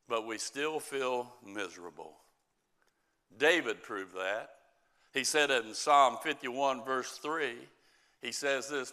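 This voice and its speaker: A middle-aged male pastor delivers a sermon at a deliberate, unhurried pace. His voice is bright and forceful, sits in a middle pitch, and leans hard on key words before falling away quietly. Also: clear, resonant tone. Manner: slow, emphatic preaching with scripture reading and soft drops in volume.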